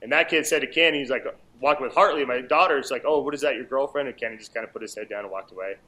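A man in his thirties, a fighter and father, chatting in a relaxed, rambling way with many "you know"s and restarts. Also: medium pitch, very fast, rough recording. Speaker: guest, MMA fighter. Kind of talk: casual interview chat.

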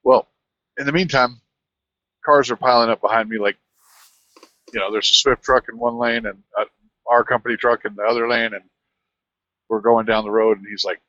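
A man, a truck driver, telling a rambling, animated anecdote in casual conversation. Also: medium pitch, normal speed, long pauses, no room sound, muffled recording. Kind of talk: casual storytelling.

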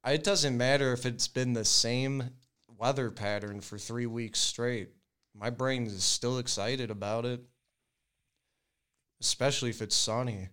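A man co-hosting a casual podcast chat, teasing and animated, often saying "dude". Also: medium pitch, a little slow, clear, resonant tone. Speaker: podcast co-host.

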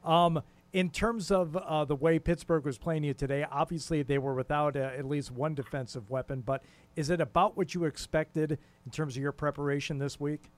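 Joking, slightly high-voiced male radio host. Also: steady tone, moderate pace. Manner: friendly, joking, with stammered restarts. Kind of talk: post-game radio interview.

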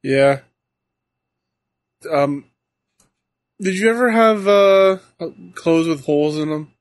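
A man co-hosting a casual watch-along chat, laid-back and quick to laugh. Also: a little high, lively intonation, dry recording. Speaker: co-host.

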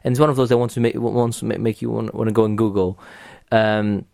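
A man's voice: fairly low pitch, little pitch movement, fast, gravelly, darkish tone, no room sound, studio quality. A man hosting a podcast in casual chat, talking enthusiastically with many restarts and casual swearing. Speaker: podcast host.

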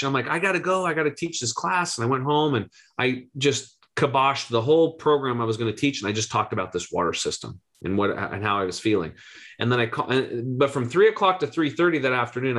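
A man in his forties, a health coach, telling an animated story in an interview and acting out the voices he quotes. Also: mid-range voice. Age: 40s. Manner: excitable, rapid, acts out quoted voices.

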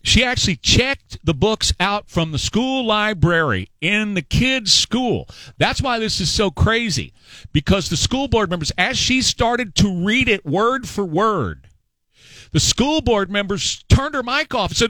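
A man hosting a talk radio show, talking in an animated, repetitive, folksy way. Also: sits high, a little slow, no room sound, low-quality recording.

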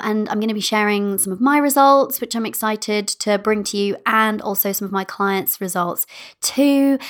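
Bubbly woman podcast host. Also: medium pitch. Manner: bubbly, playful, giggly, affectionate. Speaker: podcast host and manifestation coach. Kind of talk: casual solo podcast chat.

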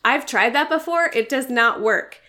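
A woman in her thirties gives parenting tips in a casual live talk, in a crisp, bright voice that sits a little high. She sounds earnest and encouraging, and she slips into lively voices when she quotes a parent. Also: normal speed. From United States. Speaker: parenting podcast host. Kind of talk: casual advice talk from a social media live.

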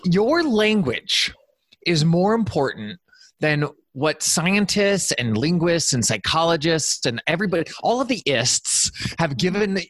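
A man's voice: fairly high pitch, big pitch swings, unhurried, fairly bright tone, no echo. A man speaking as a guest on a podcast, enthusiastic and jokey in casual interview talk. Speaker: podcast guest, performance strategist.

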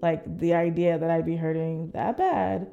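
A woman's voice: on the low side, steady tone, moderate pace, creaky, mellow, lo-fi sound, slight background noise. A woman in her thirties candidly recounting a personal experience, acting out what others said. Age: 30s. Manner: candid, reflective, acts out others' lines. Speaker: interviewee sharing her story. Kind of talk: personal storytelling.

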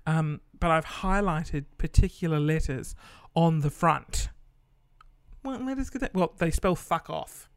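Speaking a little slowly in a slightly high voice, this Australian monologue host comes through a dry recording with no room sound. His delivery is chatty and wandering, laced with casual swearing and frequent filler words.

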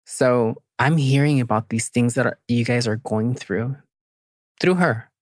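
A woman's voice: a bass voice, a little slow, a little mellow, no echo, clean studio sound. A woman, asking questions in a direct, determined way. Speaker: older sister, interviewer. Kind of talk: conversational interview.

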